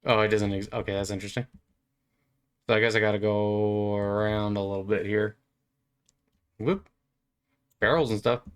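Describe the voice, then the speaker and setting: A man's voice: on the low side, steady tone, moderate pace, pauses often, clear, resonant tone. A man gives rambling gameplay commentary while playing, talking in a playful, meandering way with stammers and lots of fillers. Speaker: gamer.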